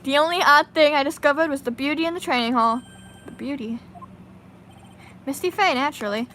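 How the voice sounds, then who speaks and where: A cocky, smooth-talking male prosecutor who teases everyone in court, as a woman reads him out. The delivery is smug and drawling, in a bright, fairly high voice. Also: brisk, a little hiss or hum. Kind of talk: reading game dialogue aloud.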